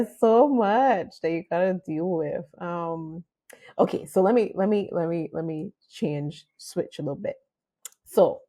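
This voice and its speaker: A woman hosting a podcast interview, telling her own stories in an animated way and acting out quotes. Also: fairly low pitch, creaky. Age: adult mother. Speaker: podcast host. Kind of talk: casual interview chat.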